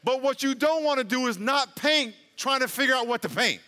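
A man's voice: very high voice, animated, a little fast, bright, forceful tone, in a large hall. A man preaching a sermon as pastor, chatty and joking, building to emphatic peaks. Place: large church hall.

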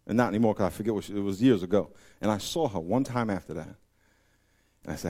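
A man's voice: on the low side, quick pace. A man preaching a sermon, telling stories and joking with his listeners. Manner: animated storytelling, joking with the audience. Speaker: pastor.

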